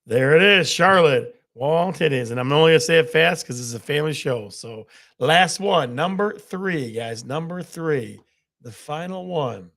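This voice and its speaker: A man's voice: on the high side, animated, moderate pace, gravelly, fairly bright tone. A man hosting a live quiz with game-show countdowns, laughing often at his own jokes. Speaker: host.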